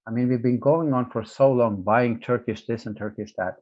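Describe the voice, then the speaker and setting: A man's voice: medium pitch, fairly even intonation, moderate pace, no room sound, lo-fi sound. Guy talking earnestly in an interview, lots of uhs, dead dry sound. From Norway. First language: Norwegian. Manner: earnest, emphatic, many fillers and restarts. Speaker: interview guest. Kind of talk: conversational storytelling.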